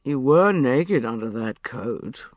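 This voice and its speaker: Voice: mid-range voice, expressive, slow pace, a little mellow, no room sound, voice pushed down. A narrator voicing a drunk, resentful man who slurs his words in an audiobook. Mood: drunk sullen. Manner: slurred, sullen.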